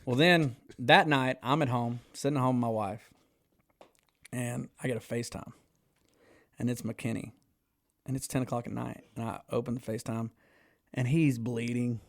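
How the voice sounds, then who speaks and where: He's a man in his thirties from Texas, a songwriter guest on a casual podcast. He tells stories in an animated way, swears freely and acts out what other people said. His voice sits at an ordinary middle pitch for a man. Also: moderate pace, vocal fry, long pauses.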